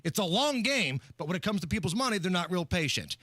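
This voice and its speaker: Bright, high-voiced male radio host. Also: big pitch swings, no room sound. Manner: brisk, wisecracking storyteller. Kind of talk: talk radio news recap. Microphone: studio microphone.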